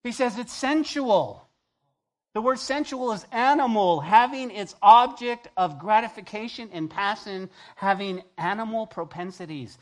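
Pastor preaching to his church, mid-pitched voice, gets loud then goes quiet, does little voices for the quotes. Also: animated, normal speed. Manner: emphatic, swings from loud to hushed, acts out quoted voices. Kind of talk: sermon. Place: church before a congregation.

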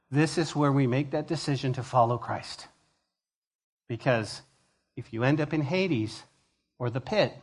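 A male pastor teaching a sermon verse by verse, conversational and expressive, moving from hushed to emphatic. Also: mid-range voice, husky.

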